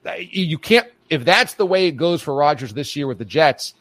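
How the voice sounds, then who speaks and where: A man's voice: fairly high pitch, expressive, a little fast, fairly bright tone, dry recording. A man guesting on a sports radio show, talking in a casual, emphatic way and repeating phrases for punch. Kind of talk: casual radio interview chat.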